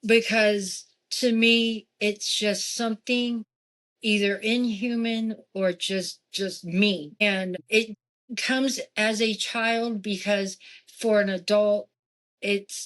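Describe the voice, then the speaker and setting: A woman guest on a podcast telling a personal story in a casual, animated way. She acts out quoted lines of dialogue and often breaks off into asides. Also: mid-range voice, slow pace. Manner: frequent asides and restarts.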